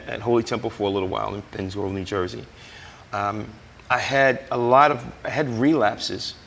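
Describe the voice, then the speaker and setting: Gravelly low-voiced man giving testimony. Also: a bit bright, long reverb tail. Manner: emphatic, preacher-like storytelling that acts out quoted dialogue. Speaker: guest sharing a recovery testimony. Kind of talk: personal testimony in conversation.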